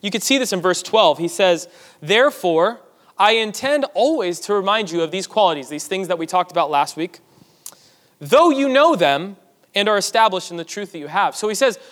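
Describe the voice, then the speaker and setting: High-voiced pastor in a reverberant hall. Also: male voice, animated, moderate pace, fairly bright tone. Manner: conversational teaching with asides to the congregation. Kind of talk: sermon. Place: church sanctuary.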